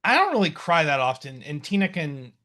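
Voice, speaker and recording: A man's voice: on the high side, very animated, fairly quick, bright, forceful tone. A man co-hosting a casual live-stream chat, joking and crude in a playful way. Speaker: co-host.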